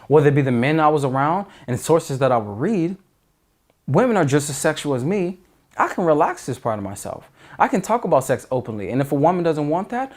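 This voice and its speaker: A man giving dating advice in an earnest, emphatic monologue, often restarting sentences. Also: on the high side. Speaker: dating coach.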